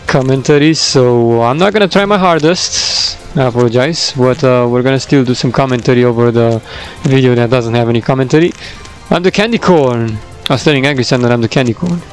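A young man doing rambling voice-over commentary on his own gameplay, laughing often and getting loud when excited, recorded at his home computer. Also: medium pitch, rough recording. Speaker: gaming YouTuber. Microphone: desktop microphone.

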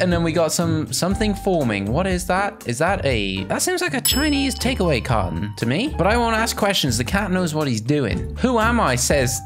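Gaming YouTuber, man from Wales, giggly and teasing, very lively pitch, music clearly behind. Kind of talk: playful game video commentary. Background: background music.

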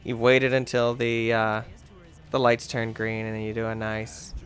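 A man's voice: mid-range voice, measured pace, soft background music. A man giving casual, jokey commentary while playing a video game, chatting to himself about what he sees. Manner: animated and jokey, talking to himself. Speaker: gamer commentating a let's play.

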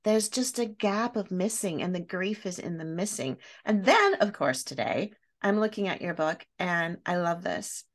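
A woman podcast host talks with a guest in a tender, reflective way. Her voice softens and drops when she comes near tears. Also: lowish voice, expressive, moderate pace, hardly any pauses. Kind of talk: heartfelt interview conversation.

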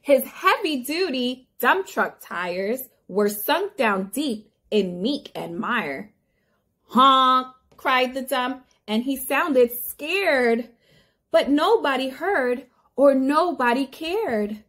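A woman's voice: high voice, big pitch swings, slow. A woman speech therapist reading a picture book aloud to toddlers in a sing-song way with gasps of wonder.

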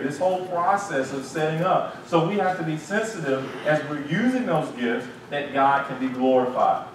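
A man, a pastor, leading a Bible study and teaching in an animated, lively way with acted-out asides. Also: on the high side, moderate pace. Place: church sanctuary. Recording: echoey room, distant mic, faint hiss.

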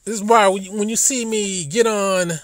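Guy w/ ranting, cussing nonstop, highish voice, dry sound. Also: steady tone, normal speed, no room sound. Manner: swears heavily, swings between low muttering and loud outbursts, laughs while talking. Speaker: YouTube commentator. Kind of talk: profane storytelling rant.

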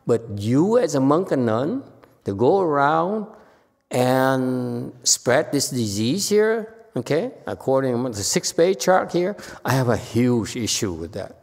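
A man's voice: medium pitch, slow pace, creaky, long reverb tail. A man, a Buddhist monk, giving an informal sutra lecture and acting out the people in his stories. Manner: animated storytelling, acting out quotes. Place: temple lecture hall.

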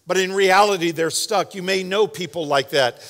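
A man preaching a sermon as pastor, in a relaxed, joking, conversational way. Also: high-pitched, moderate pace. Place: large church sanctuary. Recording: long hall reverb.

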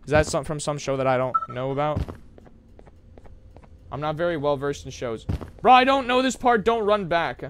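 A young man from America streaming a horror game live, shouting bursts of hype and muttering asides to chat. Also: a little high, lively intonation, moderate pace, pauses often, a little hiss or hum.

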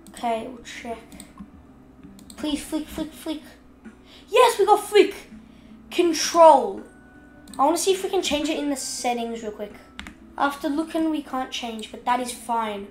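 A woman giving casual gameplay commentary, chatting along and scolding the fish in the game out loud while she has the hiccups. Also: a little high, reverberant, a little hiss or hum. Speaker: gaming video host.

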